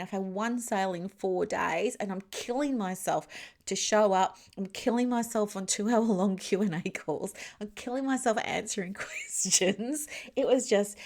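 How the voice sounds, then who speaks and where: Woman business mentor, solo podcast, lively storyteller who explains things plainly. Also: medium pitch. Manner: chatty, animated storytelling with laughs; explains terms plainly, with asides to the listener.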